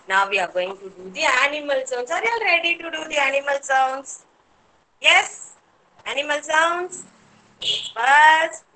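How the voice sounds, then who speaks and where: A woman with an Indian English accent leading small children through an online class, giving slow, clear, encouraging instructions. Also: high-pitched, sharp tone, poor audio. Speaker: kindergarten teacher.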